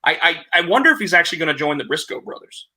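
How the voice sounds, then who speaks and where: A man co-hosting a casual podcast, retelling events in a rambling, animated way with lots of restarts. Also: fairly high pitch, very fast. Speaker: podcast co-host. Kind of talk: casual chat, recapping wrestling.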